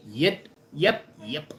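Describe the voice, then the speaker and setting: A man's voice: on the high side, a bit bright. Rambling South African young man, echoey room. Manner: rambling, jokey, frequent restarts. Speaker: vlogger. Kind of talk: casual chat to camera.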